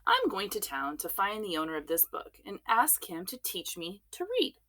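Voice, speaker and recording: A woman voicing a gentle, curious male grizzly bear in an earnest, wondering way. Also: mid-range voice, sing-song, moderate pace. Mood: eager.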